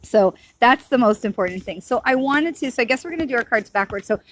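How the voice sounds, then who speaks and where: A woman's voice: on the high side, expressive, fast, fairly bright tone, a little hiss or hum. A middle-aged woman, a psychic medium, talking casually and earnestly in a rambling, reassuring way about spiritual matters. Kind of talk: casual spiritual talk to camera.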